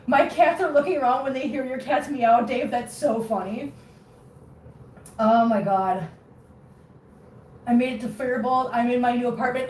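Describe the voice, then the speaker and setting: A woman hosting a casual livestream at home, chatting to viewers and cooing at her cats. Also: high voice. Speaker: vlog host. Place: home room with litter boxes. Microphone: phone. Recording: echoey room with faint noise.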